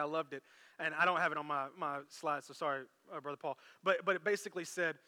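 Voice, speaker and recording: A man preaching a sermon as pastor, animated and storytelling, acting out quoted lines. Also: high-pitched, big-room sound.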